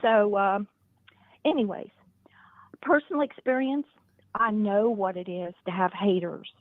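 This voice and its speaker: A middle-aged woman phones in to a livestream and talks slowly and wearily, pausing and sighing between thoughts. Her voice comes over a thin, tinny phone line. The sound is dry. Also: mid-range voice, no room sound. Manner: slow and weary, with sighs and hesitations. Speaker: caller.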